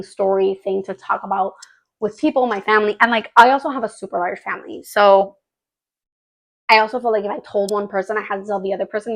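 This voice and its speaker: Chatty woman in her thirties telling a story. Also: medium pitch. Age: 30s. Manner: chatty, filler-heavy, emotional retelling. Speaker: podcast host. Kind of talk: casual personal storytelling.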